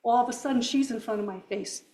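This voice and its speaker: A woman's voice: fairly high pitch, quick pace, mellow, poor audio. Nervous woman telling her story in church. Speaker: congregation member sharing a story. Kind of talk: personal testimony. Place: church sanctuary.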